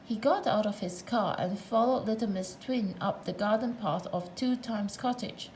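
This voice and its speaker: A woman's voice: medium pitch, moderate pace, darkish tone, a little hiss or hum, poor audio. A woman narrating a children's storybook aloud, with playful asides to the listener.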